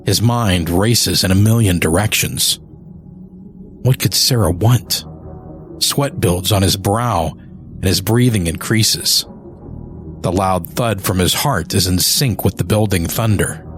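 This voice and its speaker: Low slow male narrator for an audio drama, clear music underneath. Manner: slow, measured storytelling. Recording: music bed behind narration.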